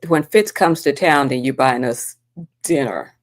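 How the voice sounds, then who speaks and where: A woman co-hosting a casual sports talk show, teasing the others in quick banter. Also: rumbling low, dry recording, clean studio sound.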